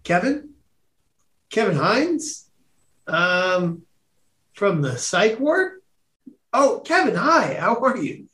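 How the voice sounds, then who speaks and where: A man's voice: high voice, sing-song, slow, long pauses, bright, forceful tone, echoey room, full character voice. A man voicing a polite young woman who is hesitant and surprised.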